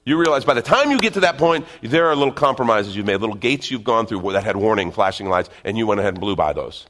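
A middle-aged man preaching a sermon, animated, sometimes dropping to a quiet, intense voice and acting out inner voices. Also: medium pitch. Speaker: pastor.

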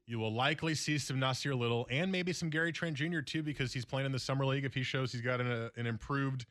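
A man's voice: mid-range voice, fast talker, a bit bright, no room sound, studio quality. A man hosting a sports radio show, talking through basketball news in a conversational way. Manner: conversational, analytical, with fillers.

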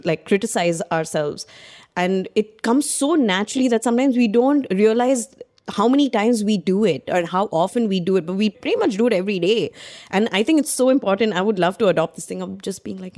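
An earnest woman with a mid-pitched voice, rambling enthusiastically as a musician guest. Her talk is casual and heartfelt, with frequent filler words. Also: darkish tone. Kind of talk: casual chat.

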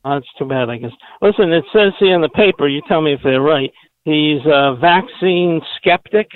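A man's voice: a little high, moderate pace. A man calling in to a radio talk show, speaking in a hesitant, conversational way. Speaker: radio caller. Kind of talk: phone call to a radio show. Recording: tinny phone line.

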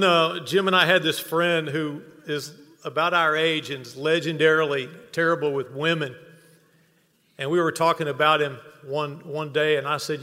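Man telling funny stories at an induction, bright tone, echoing hall. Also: fairly high pitch. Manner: humorous storytelling, builds to earnest close. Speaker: speaker at hall of fame induction. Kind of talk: ceremony tribute speech with anecdotes. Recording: long reverb of a banquet hall.

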